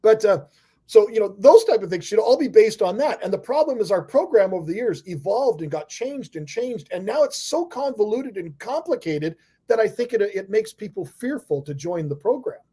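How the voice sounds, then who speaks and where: A man's voice: high voice, expressive, moderate pace, warm tone, slightly rough. A middle-aged man hosting a live-stream chat over a video call, rambling casually with frequent chuckles. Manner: rambling, chuckles often, friendly banter. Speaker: host of live aquarium club discussion.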